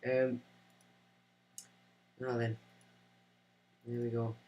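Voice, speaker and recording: A man's voice: mid-range voice, little pitch movement, very slow, dull audio, a little hiss or hum. A man hosting a livestream, rambling and self-mocking as he chats to viewers. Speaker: livestream host. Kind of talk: casual livestream chat.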